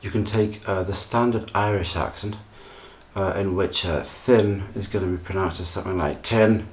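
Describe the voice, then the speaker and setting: A man, explaining pronunciation in a calm, reassuring solo video lesson. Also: low-pitched, moderate pace. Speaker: English pronunciation teacher.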